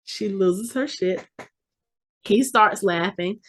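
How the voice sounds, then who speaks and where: A woman's voice: mid-range voice, takes it slowly, a bit bright. A woman in her forties co-hosting a podcast, telling a story in casual chat and acting out the voices of the people she quotes. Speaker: podcast co-host.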